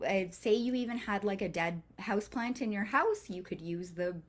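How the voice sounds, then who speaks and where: A woman leading a live online workshop from home, talking casually with fillers, restarts and the odd swear word. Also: medium pitch. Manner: casual and chatty, loose with swearing; rambling, with frequent fillers and restarts. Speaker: coven workshop leader.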